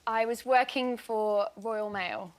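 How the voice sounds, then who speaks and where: A woman's voice: fairly high pitch, slow. A woman on a comedy panel show, telling an anecdote with amusement. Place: TV studio with an audience.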